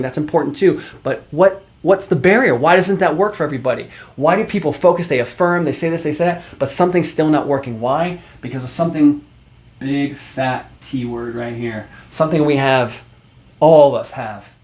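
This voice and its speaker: A man's voice: a little high, a little mellow. A middle-aged man, a life coach, talking animatedly and casually to the camera with many fillers and asides. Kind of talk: motivational talk to camera.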